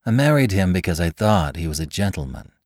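Man voicing a bitter brash wife, scornful, disdainful, low-key storybook voice. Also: sing-song, fairly quick, darkish tone, no echo, clean studio sound.

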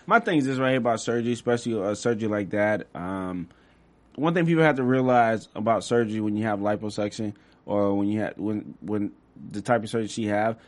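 A man's voice: lowish voice, a little fast. A man on a studio chat panel, speaking casually and playfully and slipping into voice imitations.

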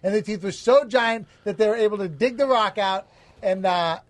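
High pitched guy on a podcast making up ridiculous stories for laughs. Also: moderate pace, dry recording. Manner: joking, tells absurd tall tales. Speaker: podcast co-host. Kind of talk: crude casual banter.

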